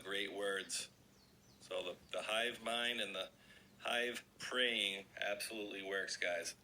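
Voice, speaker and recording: A man with a slightly raspy voice hosting an online video, chatting casually and reading an article aloud to his viewers. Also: lowish voice, sharp tone, a little hiss or hum, rough recording. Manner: chatty, addresses viewers as guys.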